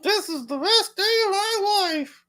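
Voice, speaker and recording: A man doing a gushing falsetto young woman. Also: expressive, pushed and bright, full character voice. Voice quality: high falsetto. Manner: slow, doting, sing-song. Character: gushing sweet-voiced young woman, co-host.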